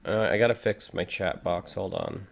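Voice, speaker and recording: Low-voiced man chatting on a livestream. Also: lively intonation, normal speed, gravelly. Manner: chatty, reads viewer comments aloud. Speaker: streamer reacting to videos. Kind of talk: casual live-stream chat.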